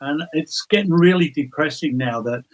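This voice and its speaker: Exasperated man, slightly high voice. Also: normal speed, rough recording. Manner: exasperated, blunt. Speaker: guest pundit. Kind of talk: casual sports radio chat.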